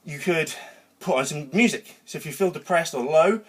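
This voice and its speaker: A man's voice: fairly high pitch, normal speed, breathy edge. Worked-up man ranting after a workout. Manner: energetic, rambling, swears casually. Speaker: vlogger. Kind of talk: motivational talk to camera. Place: home garage gym.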